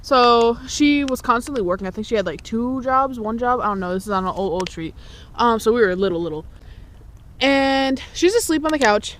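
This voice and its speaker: A woman's voice: fairly high pitch, lively intonation, moderate pace, a little hiss or hum. A young woman casually telling childhood stories on a podcast, swearing freely and laughing often. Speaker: podcast host. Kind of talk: casual chat, storytelling.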